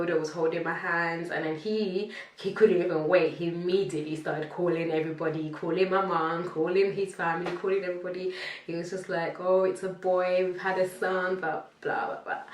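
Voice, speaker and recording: A young woman telling a lively, casual storytime, acting out what people said and laughing now and then. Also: lowish voice, reverberant, far from the mic. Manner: animated, acts out quotes, laughs between lines. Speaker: vlogger telling her birth story.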